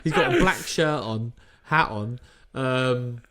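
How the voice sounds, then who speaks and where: Man telling lively boxing stories. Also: mid-range voice, slow. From England. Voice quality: animated, laughs while telling stories, swears freely. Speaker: podcast co-host, former boxer. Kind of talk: casual storytelling chat.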